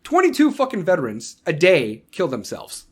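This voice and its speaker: A man's voice: high-pitched, huge pitch swings, normal speed, husky. A man who is an American combat veteran, hosting a solo podcast and ranting with heavy profanity. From United States. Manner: mocking voices when quoting others. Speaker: podcast host.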